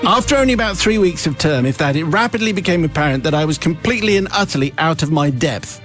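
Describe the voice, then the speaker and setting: A radio host reading a listener's confession aloud, with wry, theatrical storytelling and dry asides. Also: male voice, fairly high pitch, lively intonation, fast talker, over music. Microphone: studio microphone.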